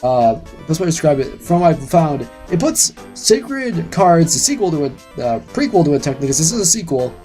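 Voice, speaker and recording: A man's voice: a little high, sing-song, brisk, hardly any pauses, mellow, faint music behind. A man hosting a let's-play, giving sarcastic, ranting commentary with casual swearing. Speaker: gaming channel host.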